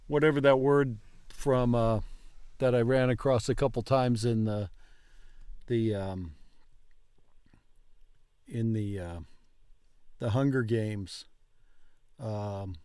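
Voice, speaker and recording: A man's voice: medium pitch, darkish tone, clean tone, dry recording, studio quality. A man learning a language, talking hesitantly with many fillers and restarts during a lesson. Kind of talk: casual lesson talk.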